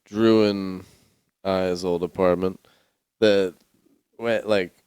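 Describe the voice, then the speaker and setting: A man's voice: low-pitched, steady tone, takes it slowly, darkish tone, smooth, dry recording. A young man from South Florida, co-hosting a crude, laughing casual podcast chat. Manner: crude, laughing, slips into mock voices. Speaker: podcast co-host.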